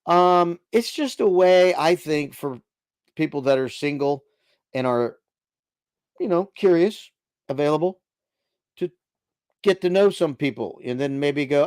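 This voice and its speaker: A man's voice: on the high side, a little slow, pauses often, a little mellow, clear, resonant tone, dry recording, studio quality. A middle-aged man hosting a casual late-night livestream, reading viewer chat aloud into a desk microphone in a chatty, laid-back way. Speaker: livestream host.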